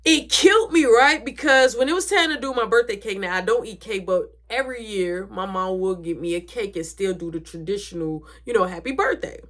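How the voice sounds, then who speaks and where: A woman's voice: medium pitch, a little fast, hardly any pauses, fairly bright tone. A woman telling a story in a casual, dramatic way, swearing freely.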